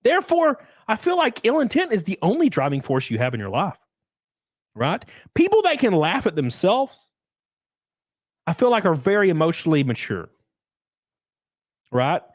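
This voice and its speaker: A fairly high-voiced man rambles through a solo livestream, his pitch leaping up and down as he talks. He swears freely and slips into the voices of people he quotes. The sound is close and dry, with no room around it. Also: huge pitch swings, moderate pace, pauses often, no room sound. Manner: rambling, profane, acts out quoted people, laughs often. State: out of breath. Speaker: streamer. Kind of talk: casual livestream chat.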